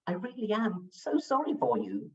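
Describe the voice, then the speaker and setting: An actress playing a grand, gossiping older duchess who delivers scandal with a theatrical flourish. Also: female voice, on the high side, huge pitch swings, normal speed, warm tone, distant mic, muffled recording. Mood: gossipy. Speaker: amateur stage actress. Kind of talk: stage play performance.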